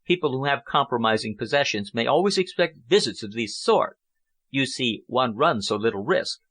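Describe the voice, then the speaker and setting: A man's voice: mid-range voice, lively intonation, moderate pace, fairly bright tone. Guy putting on a cold burglar, slight foreign accent, menacing and clipped.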